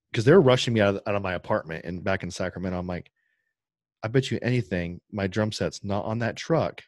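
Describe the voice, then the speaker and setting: A man's voice: lowish voice, dry recording, studio quality. A man on a podcast telling a long, rambling story in casual chat, acting out the other people's lines as he goes. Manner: rambling, animated anecdote with quoted dialogue. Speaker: podcast co-host.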